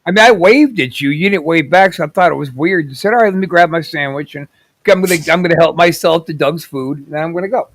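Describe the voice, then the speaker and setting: A man's voice: on the high side, fast. A man co-hosting a casual podcast, ribbing his partner with crude jokes. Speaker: podcast co-host. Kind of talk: casual joking chat.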